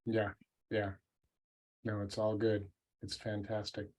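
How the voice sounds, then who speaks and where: A man's voice: on the low side, completely flat delivery, slow, a little mellow. A man speaking at a meetup, telling self-deprecating stories in a casual group discussion. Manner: conversational, self-deprecating storyteller.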